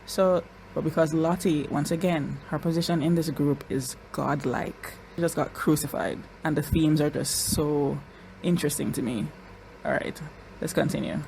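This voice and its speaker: Excitable woman reacting, lower voice. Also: creaky, slight background noise. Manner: excitable, loud exclamations, fast rambling analysis. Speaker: reaction vlogger. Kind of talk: episode reaction commentary.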